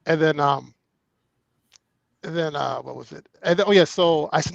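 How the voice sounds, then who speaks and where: A man with a slightly high, gravelly voice spins a story on a podcast, slipping into the voices of the people in it. The sound is close and dry, with no room around it. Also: normal speed, pauses often, no room sound, lo-fi sound. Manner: animated, acts out both sides of conversations, laughs often. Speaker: actor guest. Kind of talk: casual storytelling.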